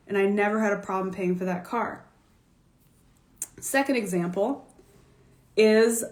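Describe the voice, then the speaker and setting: A woman's voice: on the high side, reverberant. A woman stylist talking casually on a live stream, telling candid stories with laughter and the odd swear word. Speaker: fashion stylist and business coach. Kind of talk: casual livestream talk. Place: home, recorded for a social media live stream.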